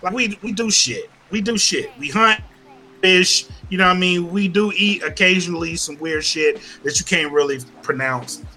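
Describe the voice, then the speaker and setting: Pitched high and speaking at normal speed, this man's voice is pushed and bright. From Louisiana, with the accent to match, he's a podcast co-host going off on a casual, profanity-heavy rant full of repetition.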